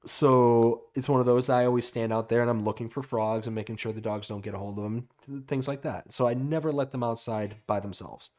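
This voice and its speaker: A man from Florida, a guest on a chat show, telling a story in a drawn-out, dramatic way. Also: mid-range voice, steady tone, darkish tone.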